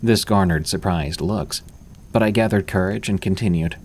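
A man reading first-person horror stories aloud as scripted narration, in a steady, measured delivery. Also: low-pitched, slightly rough.

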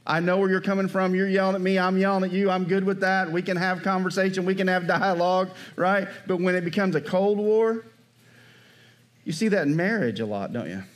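This sermon comes from a man with a high-pitched voice who talks a little fast. He keeps it conversational, regularly checking in with the congregation through "Amen?" and "right?"

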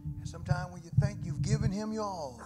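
A middle-aged pastor delivers a sermon from the pulpit of a church sanctuary, his voice a little high for a man and his pace fairly quick. He moves between quiet, prayerful murmurs and ringing shouts. Organ music sounds clearly beneath him in this live church recording.

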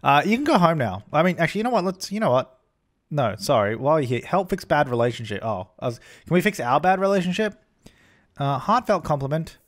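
A man's voice: a little high, sing-song, a little fast. A young man giving casual let's-play commentary, chatty and self-correcting as he plays. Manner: chatty, self-correcting, often voicing his characters. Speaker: gaming YouTuber.

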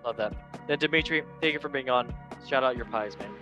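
A young man hosts a casual football chat show in a chatty, playful way. He reads memes aloud and laughs at his own jokes. His pitch sits in an ordinary middle range, with faint music playing behind him. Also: a little fast, pushed and bright. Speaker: podcast host.

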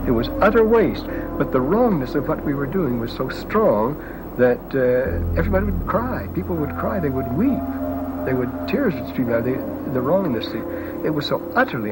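A man's voice: mid-range voice, normal speed, rough recording. An older man animatedly recounting his wartime memories in an interview, chuckling as he tells them. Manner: animated storyteller, chuckles while talking. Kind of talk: reminiscing war stories. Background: music score.

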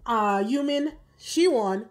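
Chatty woman recapping a reality show. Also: on the high side. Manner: animated, fast storytelling with fillers and acted quotes. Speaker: recap vlogger.

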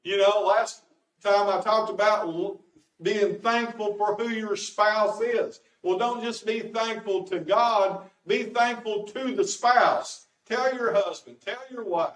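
A man's voice: high voice, slow, fairly bright tone. A man preaching a folksy, homespun sermon with joke stories. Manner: homespun, storytelling. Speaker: pastor. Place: church sanctuary. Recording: echoey church from far off.

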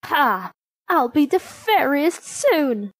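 A woman's voice: high voice, very animated, slow pace, no echo, voice pushed up, exaggerated voice. A woman voicing a sly, cackling old peddler woman in a storybook reading. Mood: gloating.

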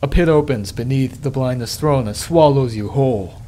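A man hosting a let's play, reading game text aloud in a measured, dramatic way and adding his own commentary. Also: warm tone. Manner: measured dramatic reading, dropping low and slow on ominous lines.

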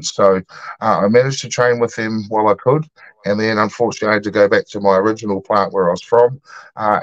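Low-voiced New man, easygoing. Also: dry recording. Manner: easygoing, rambling, many ums and uhs. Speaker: guest, martial arts gym founder. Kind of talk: casual interview storytelling. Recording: dull lo-fi dry sound.

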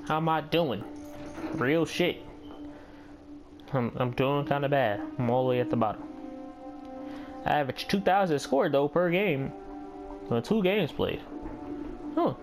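Over background music, this gamer and channel host mutters profanely through his gameplay and criticizes himself. His mid-range voice moves at a measured pace, with frequent pauses.

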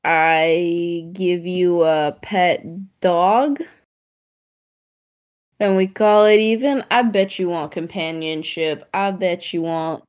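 A woman voicing a smooth-talking, faintly creepy female dealer in a slow, coaxing put-on accent. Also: fairly low pitch, animated, no room sound. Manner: slow, coaxing, mock Italian.

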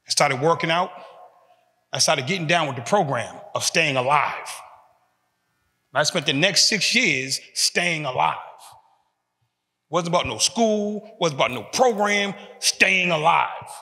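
A man in his fifties speaks in a high, bright voice. He tells his story with emphasis and leans on short, repeated phrases. His voice rings out with a long echo in a large hall. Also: expressive, measured pace, long pauses. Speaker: speaker giving a talk to prisoners. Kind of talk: motivational talk.

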